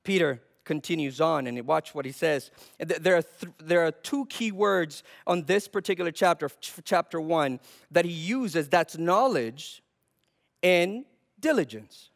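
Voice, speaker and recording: Gravelly high-voiced impassioned preacher man. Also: moderate pace. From Canada. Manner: impassioned, repeats words when worked up. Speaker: pastor. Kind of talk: sermon.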